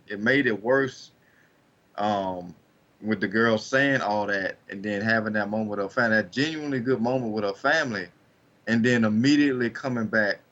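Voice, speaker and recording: A man's voice: fairly low pitch, a bit bright. A man co-hosting a casual podcast chat, making long, rambling points. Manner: talks in long, rambling run-on points with many fillers. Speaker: podcast co-host.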